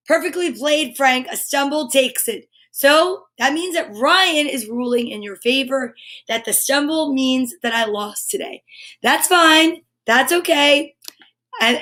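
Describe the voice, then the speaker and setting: This woman's voice is high, slightly slow, and pushed and bright. She's hosting a morning livestream, upbeat and chatty, greeting viewers by name and exclaiming a lot.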